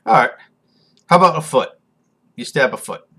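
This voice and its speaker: A man narrating as game master of a tabletop game, halting with frequent ums and restarts. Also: medium pitch, animated, sharp tone, slightly rough.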